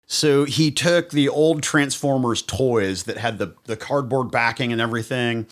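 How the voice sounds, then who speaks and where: A man's voice: mid-range voice, unhurried. Teasing man hosting a casual podcast. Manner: joking, teasing, blunt. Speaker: podcast host. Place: studio.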